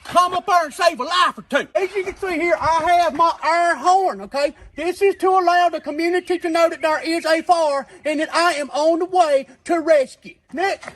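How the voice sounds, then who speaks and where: A man's voice: very high voice, moderate pace, hardly any pauses, fairly bright tone, slight background noise. A man playing a boastful volunteer firefighter in a comedy sketch, with a proud show-and-tell delivery.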